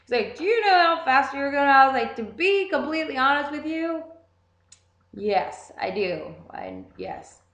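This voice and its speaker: A woman's voice: high-pitched, a little slow. Profane young woman telling a story. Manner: profane, animated, swears constantly. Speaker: vlogger. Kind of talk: casual storytelling. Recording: roomy echo.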